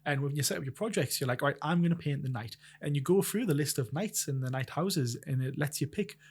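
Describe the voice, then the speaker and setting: Fast-talking man telling stories. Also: a little high, slightly rough. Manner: animated storyteller, acts out his own panicked reactions with laughter. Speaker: podcast co-host. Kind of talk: casual chat.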